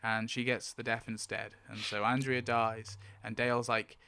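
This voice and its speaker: A young man on a casual stream, talking through ideas as they come, with plenty of fillers. His voice is smooth and clean. His pitch sits in an ordinary middle range. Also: flat delivery, moderate pace, sharp tone, no room sound. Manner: rambling, thinking aloud with fillers and chuckles.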